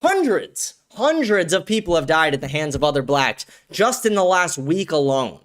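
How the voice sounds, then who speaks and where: At normal speed, this host's fairly high, fairly bright voice swings widely in pitch. Running a solo commentary show, he rants heatedly and profanely, often repeating words as he stumbles into sentences.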